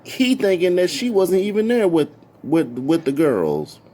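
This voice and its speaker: A man casually telling a story from his past, animated and full of repeated "I'm like" asides. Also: high voice, measured pace, slight background noise.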